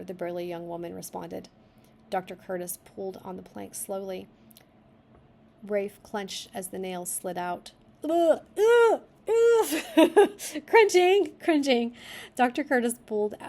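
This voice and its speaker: A woman's voice: mid-range voice, gravelly, a little mellow, slight background noise. A woman reading a story draft aloud and stopping to suggest edits, thinking aloud as she goes. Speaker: writing critic reading a manuscript. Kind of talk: reading aloud with editing feedback.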